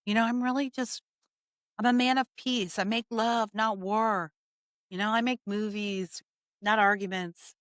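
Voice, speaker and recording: A woman doing a mocking impression of a calm, professorial older liberal man who speaks with false concern. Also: mid-range voice, no echo, studio quality, natural voice. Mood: mock-gentle. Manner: calm, slow, falsely caring.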